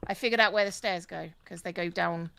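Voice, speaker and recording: A woman's voice: fairly low pitch, fairly even intonation, brisk, creaky, fairly bright tone. A woman chatting casually with a friend while they play a building game, teasing and sarcastic. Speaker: co-player and regular. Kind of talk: casual chat while gaming.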